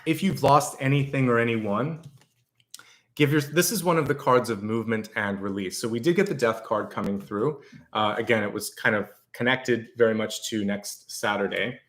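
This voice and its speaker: A man walks his viewers through the week's tarot spread, one star sign after another. His voice sits at an ordinary middle pitch. He talks in a loose, conversational way, stopping to reword himself and steadily reassuring the listener. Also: normal speed, fairly bright tone. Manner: reassuring, speaks directly to viewers; conversational, with fillers and restarts. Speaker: tarot reader. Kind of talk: weekly astrology and tarot reading.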